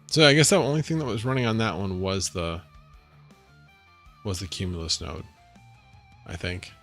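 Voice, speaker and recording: A man's voice: low-pitched, normal speed, a bit bright, faint music behind. Rambling man chatting on a livestream. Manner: rambling, answering chat, thinking aloud. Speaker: livestream host. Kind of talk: casual livestream chat. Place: home.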